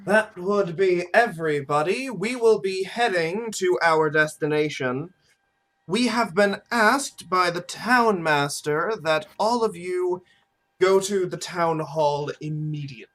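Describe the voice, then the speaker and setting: A man narrating a tabletop role-playing game as game master, with lively asides and laughter. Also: high voice, unhurried.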